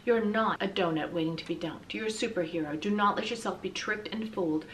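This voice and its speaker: A woman voicing a bold ten-year-old girl in a storybook read-aloud, speaking in a hushed, urgent way. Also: medium pitch, brisk, far from the mic, slight background noise, close to an everyday voice. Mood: urgent whisper.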